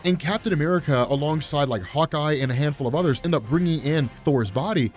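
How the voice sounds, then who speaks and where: A man's voice: fairly high pitch, big pitch swings, brisk, husky, faint music behind. A man hosting a casual comic book explainer, chatty and enthusiastic with lots of fillers. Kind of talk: casual commentary.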